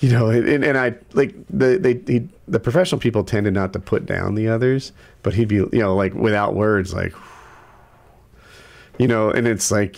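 A man's voice: fairly low pitch, moderate pace, gravelly, a little mellow. A man telling a long story in casual conversation, rambling and profane, with lots of restarts.

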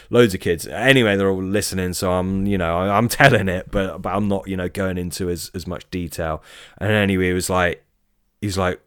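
A deep, smooth-voiced guest shares a spooky fishing story as a casual spoken ghost tale, recorded cleanly in a studio with no echo. He swears often and stumbles through repeated restarts.

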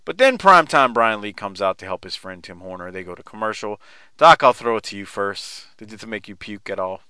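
A man's voice: lowish voice, expressive, a little fast, bright, forceful tone, smooth, no echo. A man hosting a podcast, loose and laughing, trading profane banter. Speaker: podcast host. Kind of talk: casual chat.

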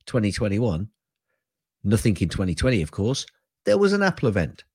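A man's voice: on the low side, huge pitch swings, brisk, darkish tone, breathy edge, no echo. An older man co-hosting a casual tech podcast, wry and given to ranting, laughing often as he talks. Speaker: podcast co-host.

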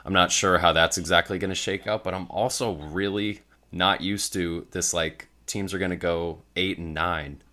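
A man with a very low voice and a bright, forceful tone, co-hosting a casual sports podcast. He talks in a loose, chatty way and laughs easily. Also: normal speed, few pauses. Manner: relaxed, chatty, laughs often. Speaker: podcast co-host.

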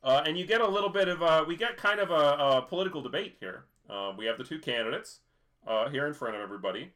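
A man's voice: fairly high pitch, animated, fast talker, fairly bright tone. A man co-hosting a podcast, casually recapping an episode in a rambling way, with lots of fillers and restarts. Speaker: podcast co-host.

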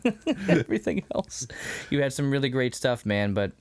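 A man co-hosting a podcast in a casual chat, animated and quick to laugh as he acts out scenes. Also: mid-range voice. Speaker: podcast co-host. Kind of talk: casual episode discussion.

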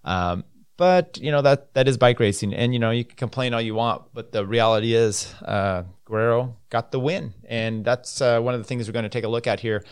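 A man hosts a relaxed solo podcast at a close mic. He drifts between reading news items and offhand commentary, full of fillers and restarts. The recording is dry and close, with his voice at an ordinary middle pitch. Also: a little fast, clean tone, no echo. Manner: loose and rambling, many fillers, offhand asides. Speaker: podcast host.

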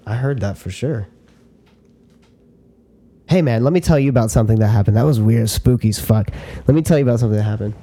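Male co-host, casual chat, mellow dark tone, swears freely, excitable storyteller. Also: mid-range voice, quick pace, pauses often. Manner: excitable, swears a lot, retells stories with quoted voices. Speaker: podcast co-host.

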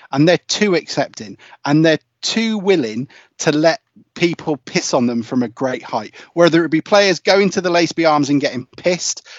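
A man's voice: a little high, no room sound, highs cut off. A man hosting a casual football podcast, ranting and swearing in exasperation. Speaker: podcast host.

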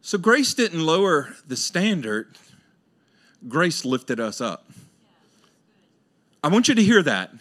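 A middle-aged man preaching a sermon, animated and colloquial, swinging between loud high exclamations and quiet low asides. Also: slow pace, pauses often. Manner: colloquial, acts out listeners' voices, laughs often. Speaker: pastor. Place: church sanctuary.

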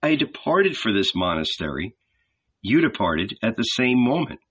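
A man doing a quiet, gentle young man. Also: mid-range voice, very animated, normal speed, husky. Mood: pleading. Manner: quiet, soft-spoken.

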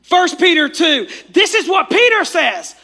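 High, bright-voiced fervent preacher man. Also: big pitch swings, unhurried. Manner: fervent, calls on the congregation to repeat after him. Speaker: pastor. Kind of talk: sermon.

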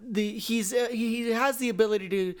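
A woman speaking casually and frankly as she reviews a film. She jokes easily and slows down to a measured pace when she weighs up her opinion. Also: fairly high pitch, steady tone, darkish tone, smooth. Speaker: podcast co-host.

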